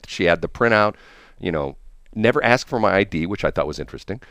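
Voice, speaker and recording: A man's voice: low-pitched, expressive, fast, a bit bright, no echo. A middle-aged man hosting a morning radio show, telling rambling anecdotes full of fillers in a studio. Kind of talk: casual on-air chat and storytelling.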